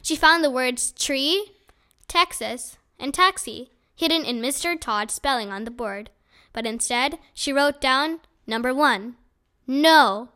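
A woman reading a children's chapter book aloud in a lively, expressive storytelling manner. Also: high-pitched, a little slow. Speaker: audiobook reader.

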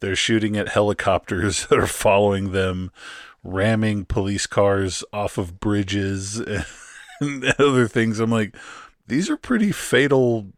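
A man's voice: fairly low pitch, fairly even intonation, slow, dry recording, clean studio sound. A man co-hosting a casual movie review chat, often laughing as he makes his points. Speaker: podcast co-host.

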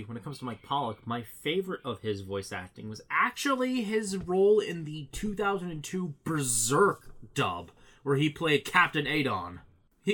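A man's voice: a little high, fairly bright tone. A young man co-hosting a podcast, chatting casually and opinionated, swearing freely. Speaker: podcast co-host. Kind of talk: casual chat.

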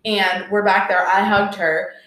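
Young woman chatting, animated storyteller, mid pitch, super echoey room. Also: measured pace. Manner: animated storyteller, laughs often, many "like"s. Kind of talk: casual chat.

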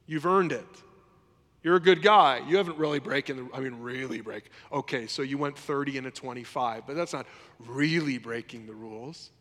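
A man preaching a sermon in a lively, conversational way, often acting out what others say. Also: mid-range voice, normal speed, big-room sound. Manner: animated, conversational preaching, acts out quotes. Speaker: pastor.

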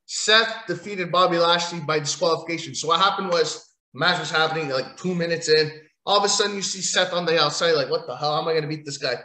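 A man rants in a bright, slightly higher voice, sarcastic and rambling, swearing freely as he recaps a wrestling show. His voice rings around an echoey room. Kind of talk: casual profane rant recap.

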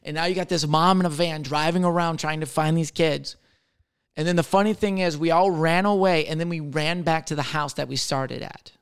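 A man's voice: on the high side, fairly even intonation, normal speed, clear, resonant tone. Crude sarcastic man in his thirties. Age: 30s. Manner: sarcastic, crude, self-mocking storytelling. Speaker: server, solo podcaster. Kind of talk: casual solo chat answering question cards.

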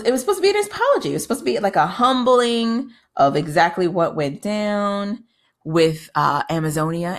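A woman giving a casual, chatty recap of a TV episode, swearing freely and laughing as she talks. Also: fairly low pitch. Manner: chatty, profane, laughs often.

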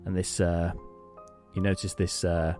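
A man's voice: deep voice, flat delivery, unhurried, darkish tone, soft background music. A man narrating as game master in a tabletop role-playing session, casual with many fillers.

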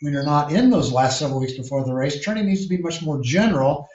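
A man, a triathlon coach, answering interview questions in a measured, explanatory way with frequent restarts. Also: on the high side, expressive, a little mellow. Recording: echoey distant lo-fi call.

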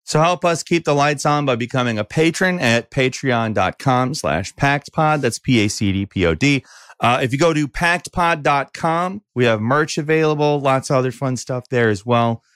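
A male podcast co-host with a mid-range, slightly bright, clean voice speaks at a normal speed. The studio sound is clean with no room sound, and he's animated as he jokes and swears through casual chat.

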